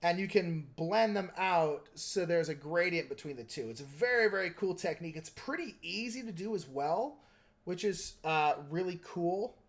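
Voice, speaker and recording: A man's voice: high-pitched, expressive, normal speed. A man hosting a live stream, chatting casually and meandering while he explains his painting technique and answers viewers.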